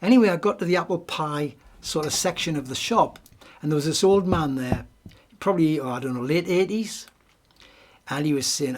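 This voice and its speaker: A middle-aged man with a Geordie accent giving a gentle, reflective devotional talk, often restarting his sentences. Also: a little high, moderate pace. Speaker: speaker giving a weekly message.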